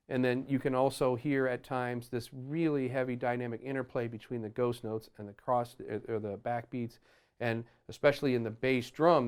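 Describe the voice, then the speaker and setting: A man teaching a drum lesson, explaining dynamics in a relaxed way and sometimes scatting phrases, with drums playing behind him. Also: medium pitch, smooth. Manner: explains while playing, counts beats aloud loudly over drums; scats horn phrases to show accents. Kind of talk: instructional lesson. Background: drum kit playing.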